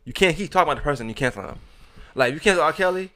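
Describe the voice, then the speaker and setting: Fast-talking blunt man on a podcast. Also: on the high side, animated, pushed and bright. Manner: blunt, repeats himself as he builds a point. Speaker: podcast co-host. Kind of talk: casual podcast chat.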